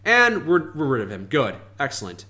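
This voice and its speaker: A man's voice: medium pitch, huge pitch swings, normal speed, pushed and bright. A young man playing a game with a friend, playful and laughing, reading text aloud with a theatrical flair. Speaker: gaming video host.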